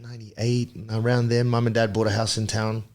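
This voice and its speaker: A man in his thirties from Papua New Guinea, chatting as a podcast guest. His voice sits fairly low, and he tells his story in a reflective, meandering way, pausing on ums and restarting his sentences. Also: monotone, a little mellow. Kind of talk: casual interview chat.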